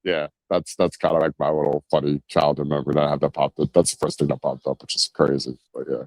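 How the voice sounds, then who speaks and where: A man's voice: very deep voice, level tone, quick pace, a little mellow, no echo. A man hosting a podcast, telling a childhood story in casual chat and swearing freely. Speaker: podcast host.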